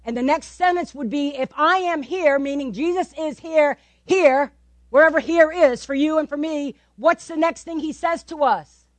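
A woman preaching a sermon, animated, repeating words for emphasis and asking the listeners questions. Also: sits high, normal speed, no echo.

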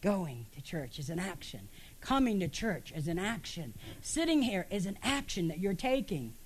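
A woman's voice: lowish voice, sing-song, normal speed, breathy edge. A woman pastor preaching an emphatic sermon in a church, asking her congregation rhetorical questions.

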